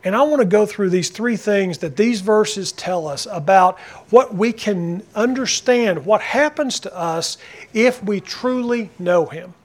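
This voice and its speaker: Pastor guy preaching, fairly high voice, hammers his points home and keeps asking the church questions. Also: measured pace. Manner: emphatic, repeating key phrases, asks the congregation questions. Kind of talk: sermon.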